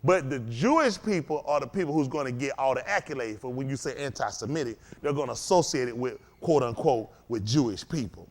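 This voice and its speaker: A man preaching a sermon to a congregation, firing questions at the crowd and swinging between loud and low. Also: lively intonation, a little fast, hardly any pauses. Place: congregation hall.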